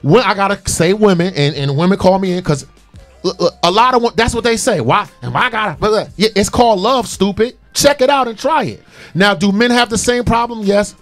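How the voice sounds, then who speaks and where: A man's voice: high voice, fairly quick, soft background music. A man hosting a call-in radio talk show, speaking passionately and preaching with lots of repeated emphasis.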